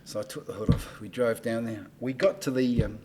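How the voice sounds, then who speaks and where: An older Australian man spinning a yarn on a podcast, his voice sitting at an ordinary middle pitch. He tells his stories with relish, leaping up loud whenever he acts out what was said. A faint hiss sits under him. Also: brisk. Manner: animated anecdote-teller, acts out dialogue in raised voice. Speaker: guest, entertainment promoter. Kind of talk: casual storytelling on a podcast.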